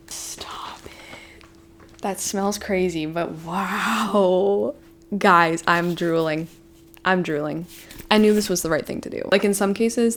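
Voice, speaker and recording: A woman's voice: on the low side, a little hiss or hum. Gushing young woman book vlogger. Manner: gushing, excitable, talks to viewers as friends. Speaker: book vlogger and book club host. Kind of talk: casual chat to camera.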